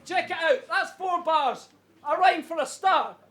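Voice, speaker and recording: A Scottish man battle rapping, mocking his opponent and laughing as he shouts punchlines. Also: very high voice, a little slow. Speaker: battle rapper. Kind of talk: rap battle verses over crowd. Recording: echoey venue, loud crowd and noise.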